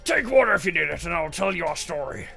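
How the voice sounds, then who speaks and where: A man voicing a small, timid old hermit, wary and pleading, with drawn-out hums. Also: on the high side, animated, creaky, bright, forceful tone, soft background music, pitched below the performer's own voice, heavily acted. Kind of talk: game dialogue read-aloud.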